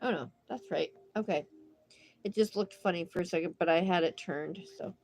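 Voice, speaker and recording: A woman's voice: lowish voice, normal speed, a little mellow, a little hiss or hum. An older woman with a stuffed-up nose, chatting in a rambling way while she crochets on a livestream from a phone propped up at home. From Idaho, United States. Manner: chatty and rambling, many fillers. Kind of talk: casual chat while crocheting. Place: home craft room.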